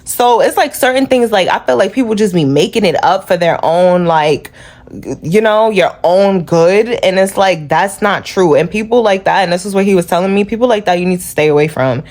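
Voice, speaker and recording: A woman's voice: mid-range voice, normal speed, darkish tone. A woman from New York City with a New York accent, talking casually to camera in a vlog, chatty and earnest, with many fillers. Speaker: vlogger.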